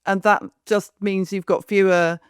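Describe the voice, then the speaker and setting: A woman's voice: mid-range voice, little pitch movement, measured pace, smooth, dry recording, clean studio sound. A woman co-host summing up points and asking long, winding questions of her guest. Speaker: podcast co-host. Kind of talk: interview conversation.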